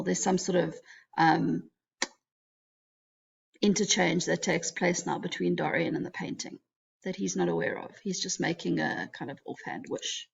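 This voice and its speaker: A woman's voice: lowish voice, creaky, breathy edge. A woman teaching a literature lesson, explaining casually with fillers and asides. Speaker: English teacher. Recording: dull lo-fi recording.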